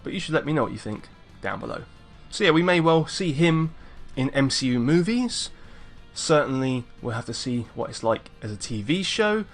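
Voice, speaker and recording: Brief: English man hosting a casual reaction video, easygoing and chatty, mid pitch, faint music under. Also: animated, normal speed. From England. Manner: laid-back, chatty, meandering. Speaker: YouTube reaction host.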